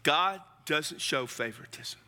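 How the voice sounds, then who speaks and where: A man's voice: on the high side, animated, a little slow, bright, forceful tone, long reverb tail. A man preaching a sermon in a folksy, conversational way, with asides and restarts. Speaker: pastor.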